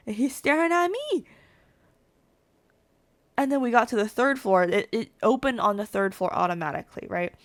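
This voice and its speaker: A young woman telling a story in casual vlog style, animated and swearing freely as she acts out what people said. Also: medium pitch, dry recording. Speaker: storytime vlogger.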